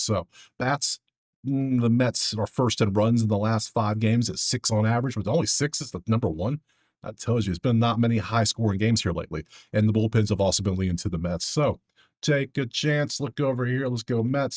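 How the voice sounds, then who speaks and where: Low-voiced guy chatting thru his betting picks, laid back, mutters to himself. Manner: casual, talks to himself while clicking through sheets. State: out of breath. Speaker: sports betting host. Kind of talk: casual betting breakdown.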